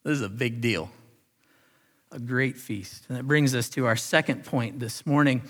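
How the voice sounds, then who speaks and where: A male pastor preaching a sermon, earnest, rising on key phrases and dropping softly for emphasis. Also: mid-range voice, fairly quick. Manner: earnest preaching, swells then drops to soft emphasis.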